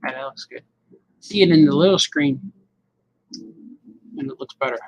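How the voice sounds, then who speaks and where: A man's voice: mid-range voice, unhurried, lo-fi sound. A man rambling and joking to himself while drawing, calling everyone "man". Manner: talks to himself, musing and joking, says "man" often. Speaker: cartoonist drawing on camera.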